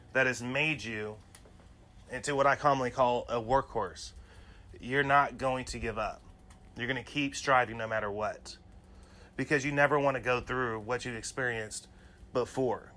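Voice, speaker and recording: Bright-voiced man telling rambling stories. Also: medium pitch. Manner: rambling, full of "you know" asides. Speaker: podcast host. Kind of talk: casual personal storytelling monologue.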